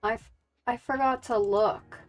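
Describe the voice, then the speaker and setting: A woman streamer talks unhurriedly about her day and her game, rambling from one thought to the next and laughing easily. Soft music plays faintly behind her. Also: on the high side, steady tone, a little slow. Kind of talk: casual chat while gaming.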